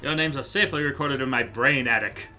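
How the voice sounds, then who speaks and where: A man voicing a pompous, absent-minded gentleman detective in a put-on Australian accent, theatrical and grand. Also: mid-range voice, fairly quick, soft background music. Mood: boastful. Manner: theatrical, grandiose reading of game lines.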